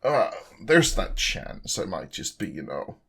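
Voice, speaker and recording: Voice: deep voice, sing-song, measured pace, vocal fry, fairly bright tone, breathy edge. A podcast co-host chatting casually, playful, slipping into sing-song baby talk when quoting. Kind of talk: casual chat.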